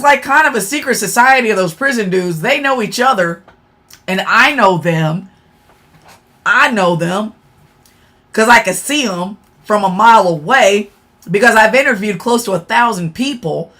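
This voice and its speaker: A woman with a medium-pitched, fairly bright voice hosts a casual livestream with a sore throat. She's blunt and profane, talking straight to her chat and calling them y'all.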